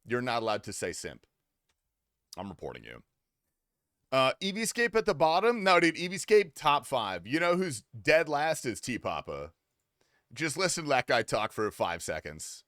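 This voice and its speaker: A young man on a gaming livestream, joking with chat in a loose, swear-laced way. His pitch jumps around expressively. The sound is dry and close to the mic. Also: huge pitch swings, normal speed, a bit bright, dry recording. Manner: loose, profane, teasing banter with chat. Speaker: streamer. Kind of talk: casual gaming livestream commentary.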